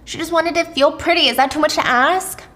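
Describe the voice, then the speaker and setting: Chatty, animated woman with a higher voice. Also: brisk. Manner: animated and chatty, with frequent asides and swearing. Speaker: storyteller host. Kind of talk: casual storytime recap of a thriller.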